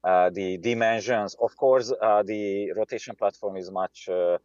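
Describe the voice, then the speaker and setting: Low-voiced man, halting English. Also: steady tone, a little mellow, no echo, highs cut off. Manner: halting, many filler sounds, searches for English words. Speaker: company CEO. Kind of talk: casual video-call interview.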